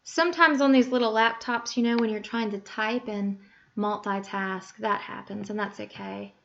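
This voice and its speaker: Patient woman teaching a software tutorial. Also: fairly high pitch, steady tone, moderate pace, highs cut off, a little hiss or hum. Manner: patient, talks through each click, self-correcting aloud. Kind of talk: screen-recorded software tutorial.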